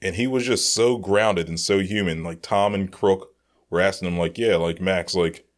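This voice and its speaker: Man, very low voice, casual sports podcast chat, animated storyteller. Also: moderate pace. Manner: animated storyteller, lots of "like" and "dude". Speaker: podcast co-host.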